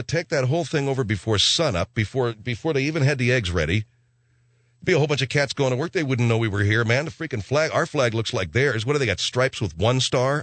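A man's voice: mid-range voice, fairly bright tone, no echo. A man hosting a talk radio show, riffing in a rambling comic rant full of hip slang.

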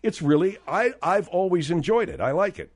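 A man's voice: high voice, very animated, normal speed, breathy edge. A man hosting a comedy radio talk show, telling a rambling story and getting exasperated with his sidekicks. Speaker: radio host.

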